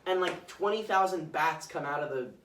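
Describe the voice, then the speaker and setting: A young man co-hosting a podcast rambles through a casual movie recap at normal speed, his fairly high voice sounding far from the mic. He says "like" constantly and acts out quotes in silly voices, and the recording is roomy and off-mic with faint hiss.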